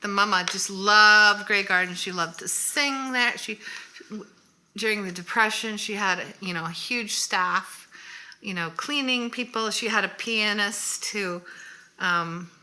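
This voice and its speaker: Very bright woman telling a story casually. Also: medium pitch, unhurried, rough recording. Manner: lively storyteller, adds details and wry asides. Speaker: co-host. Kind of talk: casual chat while doing makeup.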